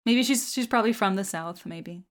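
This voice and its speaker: A woman's voice: medium pitch, normal speed. A woman co-hosting a podcast in casual chat, bantering playfully and laughing easily. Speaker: podcast co-host.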